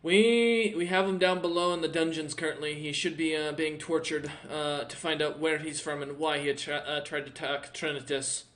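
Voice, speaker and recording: A man voicing a gruff, suspicious male dwarf guard in a tabletop game. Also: a little high, fairly even intonation, moderate pace, hardly any pauses, fairly bright tone, close to an everyday voice. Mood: stern.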